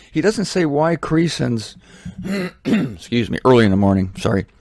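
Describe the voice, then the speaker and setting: Recorded dry and up close with no room sound, a mid-pitched man gives relaxed Bible teaching in the style of a casual sermon. He tells stories with lively energy and throws in mocking asides.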